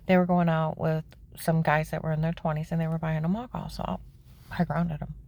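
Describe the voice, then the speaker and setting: A woman telling the story of her own life in plain words, emphatic and indignant, her voice climbing high when she is upset. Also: flat delivery, brisk, creaky, a little mellow. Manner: plain-spoken, with frequent "okay?" asides. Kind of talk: personal testimony, candid storytelling.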